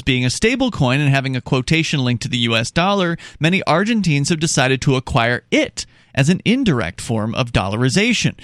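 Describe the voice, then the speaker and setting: A man's voice: mid-range voice, fairly bright tone, no echo, studio quality. A man co-hosting a talk show in casual chat, explaining step by step and reading news passages aloud with small restarts. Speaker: podcast co-host.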